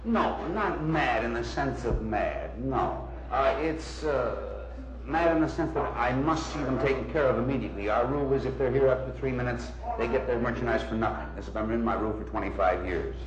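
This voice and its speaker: A deli owner talking briskly and barking at customers in an archival documentary interview. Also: male voice, mid-range voice, lively intonation. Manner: brusque, shouts orders at customers. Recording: dull roomy old film audio with crowd.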